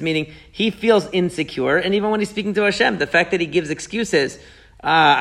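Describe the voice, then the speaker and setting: A man leads a lively Torah study, animated and questioning as he walks his students through the text. His voice sits high and carries a gravelly rasp. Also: brisk. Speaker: Torah teacher. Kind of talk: Torah class discussion.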